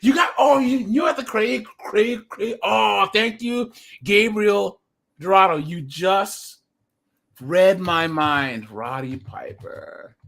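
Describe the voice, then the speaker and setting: A man hosting a casual livestream chat, animated, laughing often and greeting viewers by name. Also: high voice, slow pace, gravelly. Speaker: livestream host.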